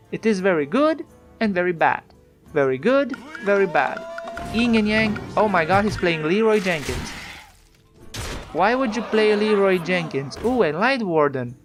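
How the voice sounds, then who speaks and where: Slow, chatty Italian-accented game commentator. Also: mid-range voice. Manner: chatty, talks back to the opponent with rhetorical questions. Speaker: card game player commenting on his own match. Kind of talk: casual gameplay commentary.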